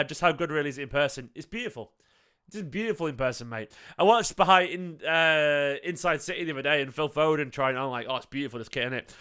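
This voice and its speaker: Chatty fast-talking lad. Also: male voice, on the high side, bright, forceful tone, smooth. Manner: chatty, rambling, reads out chat names. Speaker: fan channel host. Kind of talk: casual live-stream chat.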